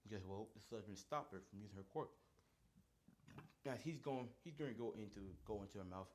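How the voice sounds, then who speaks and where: A man's voice: fairly low pitch, fairly quick, darkish tone. A man casually narrating a fan story in a rambling way, with many fillers and restarts.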